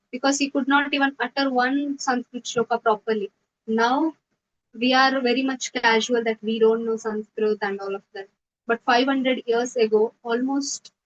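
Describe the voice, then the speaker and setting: A woman leads a devotional scripture class. Her voice sits a little high, and she tells her stories with earnest animation. The recording is slightly muffled and lo-fi. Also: a little hiss or hum.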